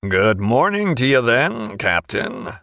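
A man's voice: medium pitch, sing-song, slow pace, sharp tone, no echo, clean studio sound, full character voice. A man voicing a hostile, sardonic American sea captain with a harsh nasal drawl, in an audiobook reading.

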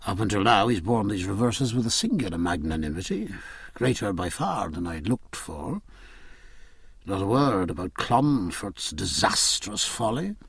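A man voicing a quiet, reflective ship's doctor who speaks softly and deliberately. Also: fairly low pitch, very animated, vocal fry, slightly rough, no echo, studio quality, voice pushed down, full character voice. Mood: musing. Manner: soft, musing, measured.

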